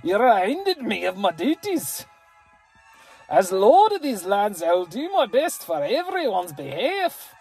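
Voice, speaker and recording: A player voicing a pompous old lord from a fantasy game, with a deliberately bad mock burr and slow, drawn-out phrasing. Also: medium pitch, a little mellow, slightly rough, soft background music.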